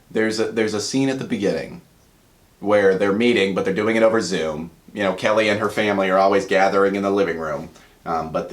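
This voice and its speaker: A man talking casually to camera about comedy sketches he loves, earnest and rambling, going soft and quiet in emotional moments. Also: lowish voice. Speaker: YouTuber. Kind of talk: casual commentary vlog.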